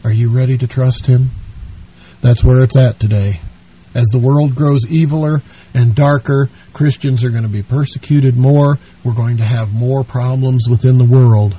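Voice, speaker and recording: A man's voice: mid-range voice, steady tone, moderate pace, mellow, husky. A man preaching a sermon in an earnest, pleading way, speaking to the listener as a friend, on a dull lo-fi recording.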